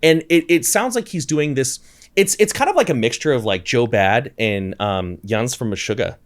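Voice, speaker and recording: Man, vocal coach, casual podcast talk, animated storyteller, mid-pitched voice. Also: normal speed. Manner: animated storyteller, acts out quotes, many restarts.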